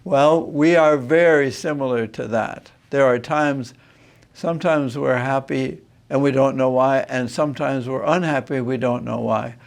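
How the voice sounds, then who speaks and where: A man, a Jesuit priest, giving a reflective teaching talk on marriage, thoughtful and unhurried, pausing to find his words. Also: mid-range voice, fairly even intonation, gravelly. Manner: unhurried, thoughtful, pauses with filler sounds. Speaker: Jesuit priest and retreat master.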